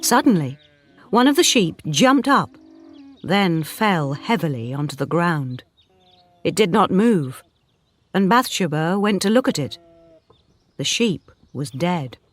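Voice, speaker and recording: A woman narrating an audiobook for English learners, reading slowly, clearly and expressively. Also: fairly low pitch, animated.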